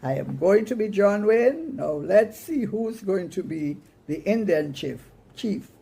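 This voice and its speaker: A woman voicing an excited young boy who bosses his friends around in a cowboy game, in a read-aloud story. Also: medium pitch, measured pace, gravelly, slightly rough, heavily acted. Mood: eager. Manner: bossy, eager.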